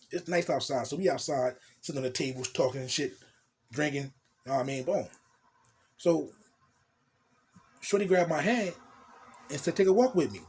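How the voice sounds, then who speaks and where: A young man from New Jersey with a husky, somewhat high voice tells a story in loose street slang. He swears freely and keeps it animated, slipping into what each person said. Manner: profane, animated, street slang, acts out quotes. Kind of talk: casual storytime monologue.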